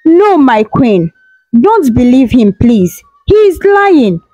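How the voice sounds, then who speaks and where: A young widowed maid, tearful and pleading, her voice rising high as she begs, as a woman narrator puts her on. The close, dry recording has faint music behind it. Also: big pitch swings, slow pace, warm tone, no room sound, muffled recording, heavily acted.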